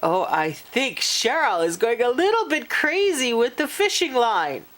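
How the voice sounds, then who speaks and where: A woman reading a children's picture book aloud, animated and expressive, pausing to talk to young listeners. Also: fairly high pitch. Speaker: storyteller.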